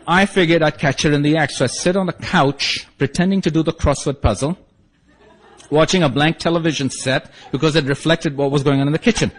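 A man's voice: a little high, brisk, a little hiss or hum. A man sharing his own story with a group, wry and self-mocking, acting out the lines of the people in it. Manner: acts out quoted dialogue. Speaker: speaker sharing his story at a support meeting.

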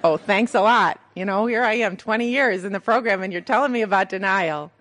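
A middle-aged woman speaks to a recovery group in a candid, storytelling way. Her pitch sits in an ordinary middle range. She mocks herself with a dry sense of humor. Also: fairly quick, a bit bright. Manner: candid, storytelling, self-mocking with laughs. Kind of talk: personal testimony to a group.

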